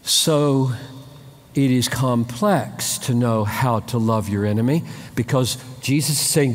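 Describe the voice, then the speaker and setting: A man preaching a sermon, animated, acting out little exchanges in shifting voices. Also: mid-range voice, slow. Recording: long hall reverb.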